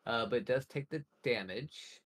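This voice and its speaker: A man's voice: mid-range voice, moderate pace, a bit bright. A man running a tabletop game as game master, chatty and loose, often laughing.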